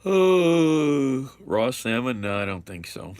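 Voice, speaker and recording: A man's voice: mid-range voice, big pitch swings, slow pace, a little mellow, smooth, dry recording, studio quality. A man chatting casually on a livestream, rambling and chuckling as he reads viewer comments. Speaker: live streamer. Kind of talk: casual livestream chat while eating.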